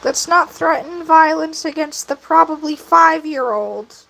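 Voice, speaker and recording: A woman hosting a casual livestream, answering her chat in an animated, giggly way. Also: sits high, measured pace, gravelly, low-quality recording. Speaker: livestream host.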